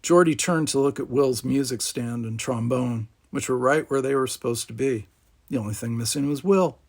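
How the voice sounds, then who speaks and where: A man narrating a storybook aloud, animated, giving each character its own voice. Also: mid-range voice, normal speed, creaky.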